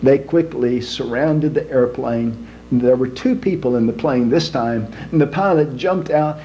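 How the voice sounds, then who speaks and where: A man telling jokes in a folksy, unhurried storytelling manner. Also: mid-range voice, mellow, soft background music. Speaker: joke teller. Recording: dull lo-fi home recording with faint hum.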